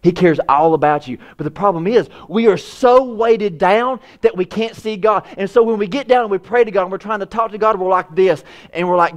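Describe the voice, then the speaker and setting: A man preaching a sermon, voice rising high when he acts out prayers and dropping low and soft for quiet lines. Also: lively intonation, normal speed, hardly any pauses. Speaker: pastor.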